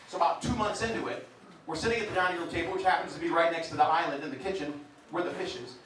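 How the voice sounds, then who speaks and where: A man's voice: on the high side, quick pace, fairly bright tone. A man in his forties doing crude live stand-up in a pub, telling punchy stories. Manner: brash, crude storytelling with punchy one-liners. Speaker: stand-up comedian. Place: pub stage in front of a live audience. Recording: distant echoey pub room with crowd laughter. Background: audience laughter and bar ambience.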